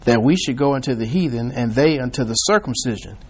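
A man's voice: mid-range voice, lively intonation, fast talker, darkish tone, slightly rough. A man leading an informal Bible study, talking conversationally with frequent restarts and acting out people's reactions.

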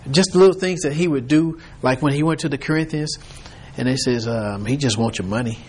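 A man's voice: medium pitch, brisk, darkish tone, a little hiss or hum. A man leading an informal Bible study, rambling as he retells scripture in quoted voices.

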